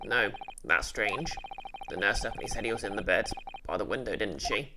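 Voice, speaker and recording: A woman's voice: extremely low pitch, lively intonation, fairly quick, noisy background, pitched below the performer's own voice. A woman voicing an earnest, puzzled young male lawyer, reading the hero's lines from a mystery game.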